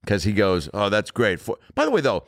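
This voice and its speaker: A man's voice: fairly low pitch, wildly swooping pitch, fairly quick, no room sound, studio quality. A man hosting a casual comedy chat, telling crude stories and joking while reacting to a video. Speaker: podcast host.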